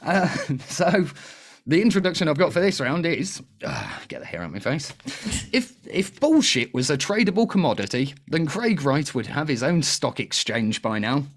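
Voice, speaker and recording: A man's voice: a little high, big pitch swings, normal speed. Cheeky man hosting a quiz show. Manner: cheeky, chatty, laughs often. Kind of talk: casual comedic panel quiz hosting.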